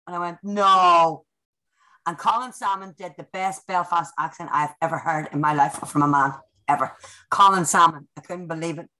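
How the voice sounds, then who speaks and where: Fast-talking Northern Irish woman. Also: low-pitched, sharp tone, poor audio. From Northern Ireland. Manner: chatty anecdotal storyteller. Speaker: guest. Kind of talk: casual chat.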